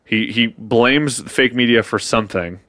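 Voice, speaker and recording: A man's voice: medium pitch, moderate pace, dry recording, clean studio sound. A man in casual comedic chat, improvising a long made-up story and acting out the voices in it with plenty of swearing. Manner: animated, profane, acts out quoted voices in his stories.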